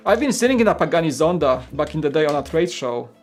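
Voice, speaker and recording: A man's voice: a little high, sing-song, fast, soft background music. A man from Poland, hosting a casual livestream and chatting rambly with viewers. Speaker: host.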